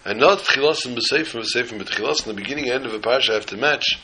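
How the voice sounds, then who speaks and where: A man delivering a sermon with lively, acted-out storytelling. His voice is bright and forceful, and his pacing stays relaxed as he explains the weekly portion. He speaks like a rabbi teaching his congregation. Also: medium pitch, fast talker, a little hiss or hum, rough recording. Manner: animated storyteller who acts out scenes.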